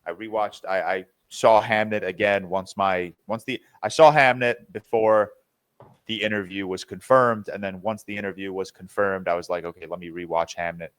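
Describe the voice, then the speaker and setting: Deep-voiced young man chatting casually. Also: fairly even intonation, moderate pace, smooth, no room sound. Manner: rambling, filler-heavy, restarts often. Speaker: podcast co-host. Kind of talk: casual chat.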